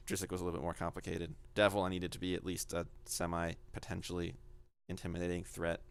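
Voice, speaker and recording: A man's voice: sits low, creaky. A man co-hosting a podcast, chatting casually about running tabletop games, rambling and quoting his own thoughts aloud. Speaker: game master, podcast co-host.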